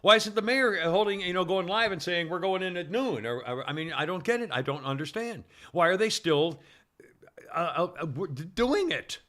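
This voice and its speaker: A man's voice: high voice, expressive, moderate pace, fairly bright tone. A man hosting a casual news talk show, rambling with many fillers and restarts. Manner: acts out quoted people in a raised voice. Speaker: podcast host.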